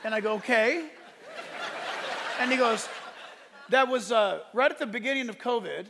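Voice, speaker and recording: A man preaching a sermon as pastor, animated and storytelling, acting out conversations with loud bursts. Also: very high voice, normal speed, creaky, long reverb tail, background noise. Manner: animated storytelling, acts out exchanges with loud outbursts. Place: church sanctuary.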